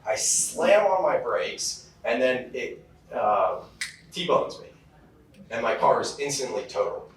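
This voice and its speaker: A man's voice: medium pitch, big pitch swings, slow pace, a little hiss or hum. Casual male keynote speaker in an echoey hall. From California. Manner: casual storytelling with many fillers. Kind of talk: motivational keynote talk. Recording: very echoey hall, heard from far off.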